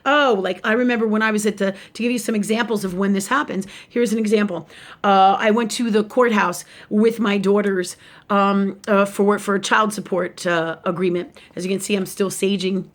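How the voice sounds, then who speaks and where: A woman in the middle of a casual live video talk on spiritual matters. She rambles, restarts her sentences and speaks frankly, with casual swearing. Her pitch sits in an ordinary middle range. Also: fairly even intonation, moderate pace. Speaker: spiritual teacher and shop owner.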